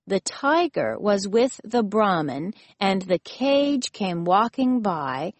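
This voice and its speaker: A woman's voice: mid-range voice, sing-song, slow pace, no echo. A woman reading a storybook who voices a cunning male jackal that plays dumb and stammers in feigned confusion. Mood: sputtering.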